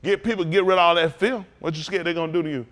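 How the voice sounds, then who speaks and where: A man preaching as a pastor in a fiery talk, swinging from low mutters to loud outbursts. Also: fairly even intonation, rapid-fire.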